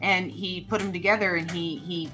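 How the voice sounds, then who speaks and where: A woman chatting casually on a podcast, musing and halting as she searches for words. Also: on the low side, fairly even intonation, over music. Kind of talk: casual chat.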